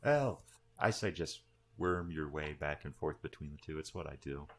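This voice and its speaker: A man's voice: rumbling low, normal speed. A man playing a tabletop game, chatting casually with wry jokes. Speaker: player.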